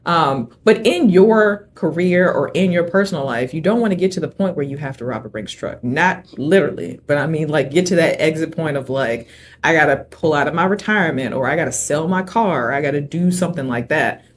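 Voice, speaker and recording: Low-voiced, chatty woman guest. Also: expressive, fairly quick, slight background noise. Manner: chatty storyteller, laughs often. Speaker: podcast host guest. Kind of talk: casual interview chat.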